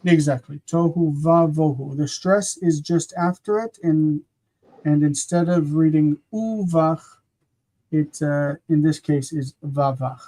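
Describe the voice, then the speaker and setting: A teacher hosting a live-streamed grammar lesson, explaining slowly and patiently with frequent pauses and repeating words aloud. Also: mid-range voice, steady tone, dark tone.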